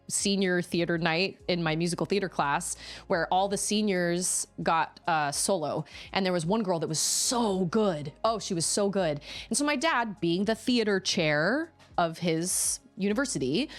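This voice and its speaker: Chatty woman streamer rambling through a story, voice bouncing all over, faint game music behind. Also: mid-range voice. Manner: animated, acts out other people's voices in quotes; chatty, rambling, with many restarts. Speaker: gaming streamer.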